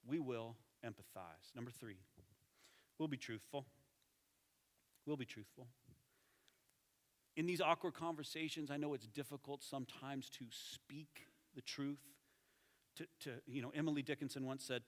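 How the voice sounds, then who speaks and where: A man preaching a sermon as lead pastor, animated, with emphatic repetition and quieter, intense passages. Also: mid-range voice, normal speed. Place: church sanctuary. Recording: church hall with long reverb.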